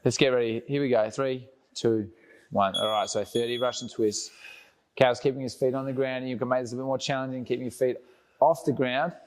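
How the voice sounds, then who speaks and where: A man's voice: mid-range voice, fairly even intonation, fairly quick. A young man coaching a fitness class, counting down reps and encouraging his co-coach with friendly banter.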